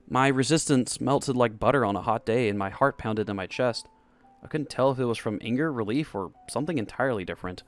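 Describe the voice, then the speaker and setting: Young man narrating a romance softly. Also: medium pitch, fairly quick. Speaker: storyteller. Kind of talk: first-person romance story narration. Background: faint background music.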